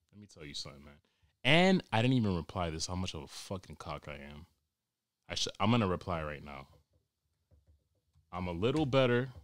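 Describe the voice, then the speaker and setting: A man hosting a podcast as a crude, excitable comic monologue full of swearing. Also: lowish voice, dry recording, clean studio sound. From New York. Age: 20s. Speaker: podcast host.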